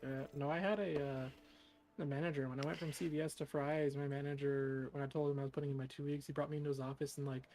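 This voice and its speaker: A man's voice: on the high side, little pitch movement, fast, darkish tone, soft background music. A young man from California, chatting casually and venting frankly, with frequent swearing. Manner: frank, swears often, vents about annoyances. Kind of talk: casual chat.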